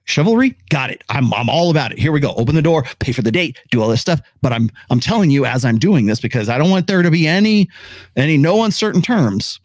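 A male podcast host giving casual, opinionated commentary, animated and blunt, with occasional swearing. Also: medium pitch, fast talker, no room sound. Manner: animated, acts out quoted voices, swears.

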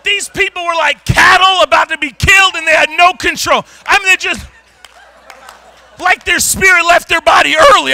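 High-pitched guy pastor yelling and laughing thru a church sermon story, super bright sharp voice. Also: normal speed, creaky. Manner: animated, shouting, laughing storyteller.

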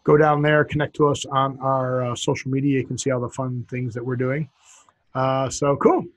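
A man's voice: medium pitch, little pitch movement, moderate pace, no echo, poor audio. A man co-hosting a podcast in casual chat, joking and rambling with lots of restarts. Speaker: podcast co-host.

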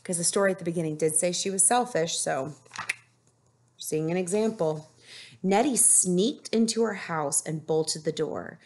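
A woman teacher reading a picture book aloud to children, slow and expressive, stopping to ask the class questions. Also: on the low side, a little hiss or hum. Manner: slow, expressive storytelling with asides to pupils.

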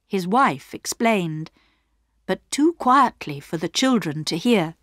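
A woman narrating a storybook clearly and slowly for English learners. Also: fairly low pitch, dry recording, clean studio sound. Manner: clear, slow, lively.

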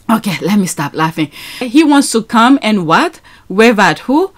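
A woman's voice: medium pitch, sing-song, measured pace. A woman hosting a reaction podcast, laughing often and sounding incredulous as she reads listener comments aloud. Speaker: podcast host reacting to clips.

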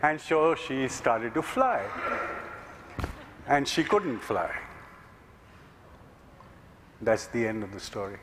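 A man's voice: medium pitch, big pitch swings, a little slow, over a noisy crowd, heavy background noise. A man from India, giving an earnest, conversational storytelling talk at a conference and leaning often on "you know". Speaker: conference speaker.

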